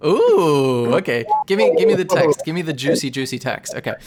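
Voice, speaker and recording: A man narrating as game master, chatty and relaxed, correcting himself as he describes the scene. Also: on the high side, a little fast, a loud crowd.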